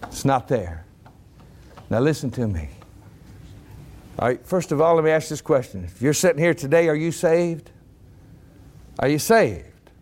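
A man preaching a sermon to a congregation, rising to shouted emphasis. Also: fairly high pitch, very animated, unhurried, long pauses. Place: church congregation.

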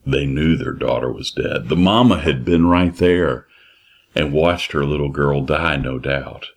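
A man preaching a sermon in a slow, emphatic way, repeating his phrases. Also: extremely low pitch, vocal fry.

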